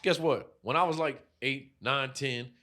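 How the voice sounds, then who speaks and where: A man's voice: medium pitch, unhurried. A man co-hosting a podcast, telling a story in casual profane chat and acting out the people in it. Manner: animated, profane storytelling with acted-out quotes. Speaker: podcast co-host.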